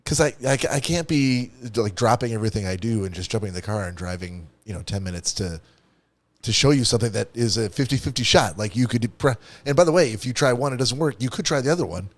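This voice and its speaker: A man co-hosting a comedy podcast in casual chat, rambling and animated with lots of restarts. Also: medium pitch, fast talker, no room sound. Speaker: podcast co-host.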